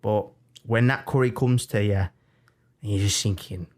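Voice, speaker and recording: A young man with a Birmingham accent, co-hosting a podcast in casual chat, animated and jokey as he tells stories. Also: fairly low pitch, normal speed. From Birmingham, England. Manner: animated, jokey storytelling with mock-defiant asides. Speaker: podcast co-host.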